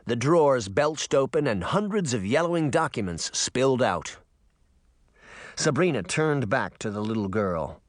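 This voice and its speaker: A man narrating a children's fantasy novel in an expressive, dramatic audiobook style. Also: medium pitch, a little slow, no echo, clean studio sound.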